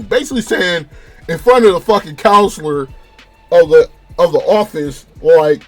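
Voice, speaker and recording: A young man from California rambles through a TV episode recap, swearing freely and retelling scenes with animated energy. His voice sits high for a man. Faint music plays underneath. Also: normal speed. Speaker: show reviewer. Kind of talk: casual spoken review.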